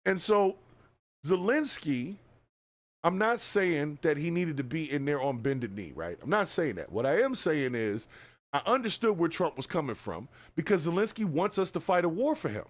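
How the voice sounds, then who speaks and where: A man hosting a podcast, giving a profane, animated political rant straight to his listeners. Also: on the high side, normal speed. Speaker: podcast host. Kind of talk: casual political commentary rant.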